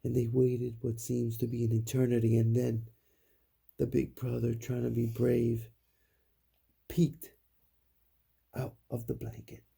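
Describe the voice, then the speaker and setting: A man spins a scary bedtime story at a crawl, his low voice full of gravelly fry. The tone is dark and very husky, sinking to whispers at the tense parts. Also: completely flat delivery. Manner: slow, hushed, dropping to whispers for suspense. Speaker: parent telling a bedtime story.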